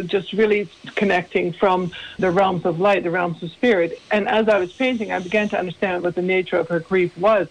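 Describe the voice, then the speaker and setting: A woman, the painter of a card deck, telling a personal story in a measured, calm way as a podcast guest. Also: medium pitch, rough recording.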